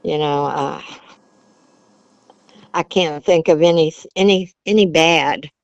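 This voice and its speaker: A woman's voice: sits low, slow, creaky, no room sound, lo-fi sound. An older woman from Virginia, a grandmother, telling stories about her childhood in a chatty way, laughing often and using Southern turns of phrase. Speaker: interview guest, grandmother. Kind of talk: casual storytelling.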